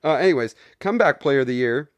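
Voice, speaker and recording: A man's voice: medium pitch, lively intonation, fast, no room sound, lo-fi sound. A man co-hosting a podcast in casual, profane chat, breaking into mock-outraged rants. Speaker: podcast co-host.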